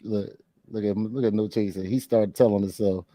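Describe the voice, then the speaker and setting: A man's voice: on the low side, steady tone, moderate pace, mellow, no echo. A man co-hosting a casual podcast, ribbing his friends and ranting with jokes. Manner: teasing, joking ribbing of friends. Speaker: podcast co-host. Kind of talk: casual chat.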